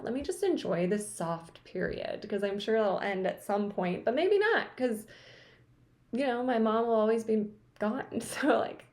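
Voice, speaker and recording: A woman host speaking softly and thoughtfully to camera, a little emotional, with many casual fillers. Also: mid-range voice. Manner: soft, thoughtful, with frequent fillers. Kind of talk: reflective personal talk to camera.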